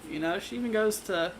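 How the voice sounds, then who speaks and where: A young man hosting a live severe-weather stream, talking casually with lots of fillers and halting restarts while reading viewer comments. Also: high voice, slight background noise. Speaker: livestream weather host.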